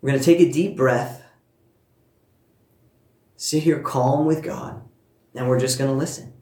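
A man's voice: medium pitch, steady tone, unhurried, darkish tone. Earnest male pastor in an echoey room. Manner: earnest storytelling, speaking to listeners at home. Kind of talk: sermon.

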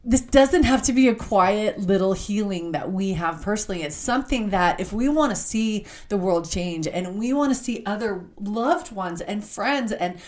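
A woman's voice: medium pitch, animated, darkish tone. Earnest woman giving a devotional talk. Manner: earnest, heartfelt, emotional; reads scripture aloud slowly. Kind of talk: devotional talk with scripture reading.

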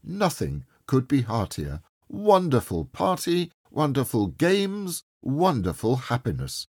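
Lively-voiced male storyteller. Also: on the low side, husky, no echo, clean studio sound. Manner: expressive, dramatic storyteller. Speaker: audiobook narrator. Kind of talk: storytelling narration.

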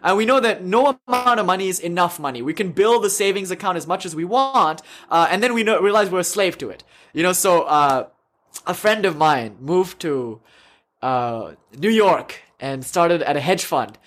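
A man's voice: high-pitched, lively intonation, normal speed, fairly bright tone. A young man leading a yoga class, giving a casual, joking spiritual talk and laughing often between thoughts. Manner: laughs often, jokey, rambling with fillers. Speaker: yoga teacher.

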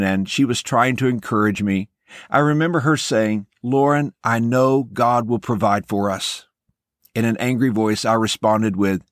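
A man's voice: on the low side, dry recording, clean studio sound. Earnest man giving a devotional talk. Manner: earnest, encouraging and personal. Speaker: podcast host and devotional teacher. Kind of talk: short devotional podcast talk.

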